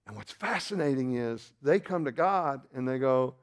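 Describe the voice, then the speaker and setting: A man preaching a sermon as pastor, shifting between loud emphatic rises and quiet asides, with self-deprecating remarks and restarts. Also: mid-range voice, lively intonation, normal speed, hardly any pauses.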